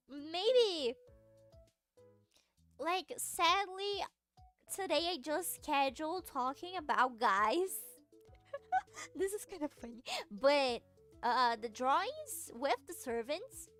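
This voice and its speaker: A woman's voice: high voice, pushed and bright. A woman streamer chatting casually and playfully with her viewers, giggling and stumbling over restarts. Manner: playful, giggly, answers chat with stammering restarts. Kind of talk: casual livestream chat.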